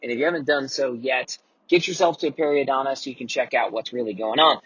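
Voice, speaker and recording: A man's voice: medium pitch, fast, a bit bright, slightly rough, dry recording, highs cut off. Candid, profane man telling a story. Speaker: host. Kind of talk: casual mentoring monologue.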